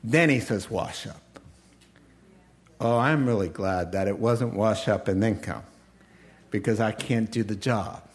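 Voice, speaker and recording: A man's voice: lowish voice, normal speed. A middle-aged male preacher delivering a folksy, humorous sermon, chuckling at his own lines.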